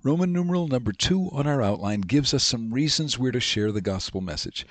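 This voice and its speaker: Male Bible teacher, mid-pitched, reads scripture slow and emphatic; dry, close sound. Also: animated, no echo. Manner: slows down and lifts his voice reading scripture.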